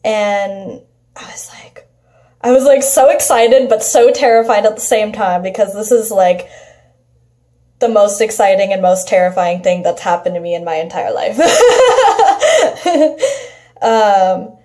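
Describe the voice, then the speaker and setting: A woman's voice: mid-range voice, fairly even intonation, normal speed, warm tone. A woman vlogger telling a personal story in a casual, chatty way, swearing freely and saying "like" often. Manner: chatty and profane, many filler "like"s.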